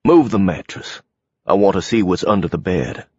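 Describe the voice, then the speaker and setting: A man voicing an older male villain who is cold and bossy, speaking in a gruff, demanding way. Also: deep voice, expressive, normal speed, darkish tone, no echo, dull audio. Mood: coaxing.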